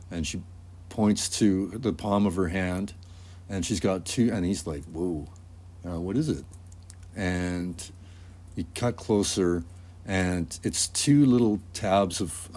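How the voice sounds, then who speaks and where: A deep-voiced animator and artist gives a casual walkthrough of his animation storyboard, describing each scene. He's relaxed and rambling, pausing often and using plenty of fillers.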